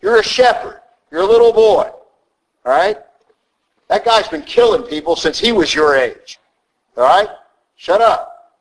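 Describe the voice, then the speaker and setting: Brief: a preacher playing a stern king talking down to a kid, voice pitched up. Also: animated, unhurried, pauses often, heavily acted, rough recording. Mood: condescending. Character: stern weary king, condescending to a boy.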